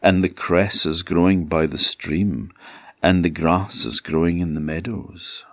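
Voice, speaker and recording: A man's voice: low-pitched, fairly even intonation, measured pace, no echo, clean studio sound. A male storyteller voicing a sad, frightened young princess who pleads hesitantly through tears. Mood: careful.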